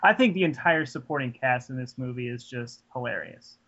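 A man's voice: mid-range voice, fairly quick, sharp tone, lo-fi sound. A man co-hosting a podcast, giving articulate film opinions in casual discussion. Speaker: podcast co-host.

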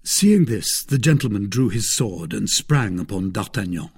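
A man narrating a classic adventure novel in a measured storytelling manner. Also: lowish voice, expressive, darkish tone, husky. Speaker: audiobook narrator.

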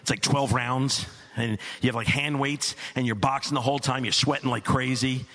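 A middle-aged man telling a stand-up story as an exasperated dad, animated and climbing to near-shouts. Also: medium pitch, moderate pace. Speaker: stand-up comedian.

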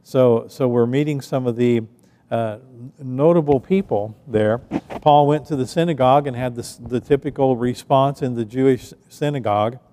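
Male pastor, sermon, mellow tone, halting delivery with restarts, church hall reverb. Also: medium pitch, a little hiss or hum. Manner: conversational, halting with frequent restarts.

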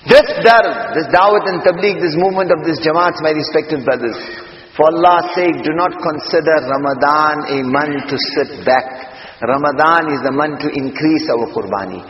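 A man preaching a fervent sermon, crying out in rising pleas and then dropping to quiet, earnest appeals to his listeners. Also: on the high side, moderate pace, slight background noise. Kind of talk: impassioned sermon. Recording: echoey hall, muffled lo-fi sound.

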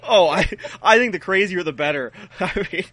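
A man co-hosting a podcast, bantering casually in a deadpan, mock-boastful way and laughing often. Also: high-pitched, normal speed. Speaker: podcast co-host.

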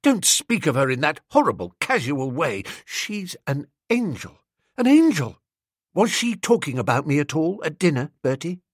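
A man voicing a dramatic, lovesick young gentleman who gushes and sulks over his beloved, in an audiobook reading. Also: fairly high pitch, big pitch swings, normal speed, few pauses, dry recording, studio quality. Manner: gushing and petulant, sighs over his beloved. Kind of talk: audiobook character voice.

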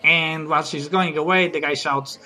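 A man's voice: fairly high pitch, fairly even intonation, normal speed, crowd noise, background noise. A man doing a stand-up comedy routine, chatty, teasing the audience and giggling at his own jokes.

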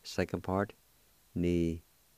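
A man hosting a radio language lesson, spelling and pronouncing Cherokee words slowly and repeating each one for listeners to write down. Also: low-pitched, level tone, a little mellow, clean tone, no echo. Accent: Oklahoma Cherokee.

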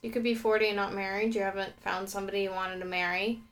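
A woman co-hosting a casual podcast, teasing her partner with dry, deadpan humor. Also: medium pitch, fast talker. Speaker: podcast co-host.

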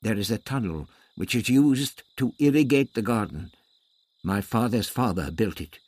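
A man's voice: on the low side, animated, normal speed, a little mellow, husky, no echo. A man voicing a proud, formal male Aztec warrior who speaks in a stately way.

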